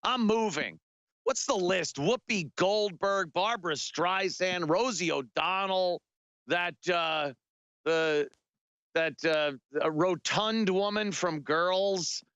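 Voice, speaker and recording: Man, talk radio host, sarcastic rambling monologue, bright high voice, dry dull studio sound. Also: takes it slowly, smooth, no echo. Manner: mocking, rambling, lots of filler words.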